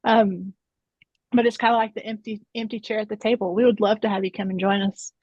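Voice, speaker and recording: A woman in her thirties or forties speaks earnestly in a casual round-table discussion, telling stories with frequent restarts and tag questions like "right?". Her voice is medium-pitched and brisk with fairly even intonation, recorded dry with a dull lo-fi sound and no room ambience.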